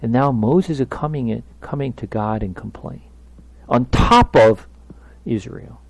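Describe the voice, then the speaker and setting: Slow, gravelly man teaching the Bible. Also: mid-range voice, expressive, darkish tone, dry recording. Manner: emphatic, asks the listeners questions.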